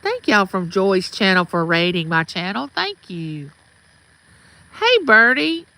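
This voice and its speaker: This livestream host, a middle-aged woman from Mississippi with a Southern accent, chats casually outside her home and says hello to viewers by name. She speaks slowly at a medium pitch, swinging widely up and down, with a sharp tone on a rough recording.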